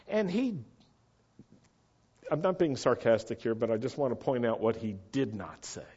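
An American man preaching a sermon, earnest and emphatic, slowing down to stress his key points. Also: medium pitch, big pitch swings, a little mellow, husky, muffled recording.

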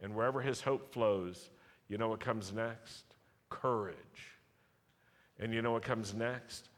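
Low-voiced pastor preaching in a reverberant hall. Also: male voice. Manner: emphatic, rising declarations, repeated call-and-response questions. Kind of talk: sermon with prayer. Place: congregation hall, live service.

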